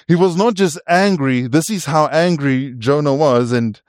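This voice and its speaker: A man's voice: a little high, measured pace. A man delivering a sermon in a somewhat raised voice. He is earnest and keeps restarting his phrases, and he turns often to his listeners. The sound is close and dry, with no room echo. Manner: earnest, stumbling restarts, rhetorical asides to listeners. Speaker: preacher.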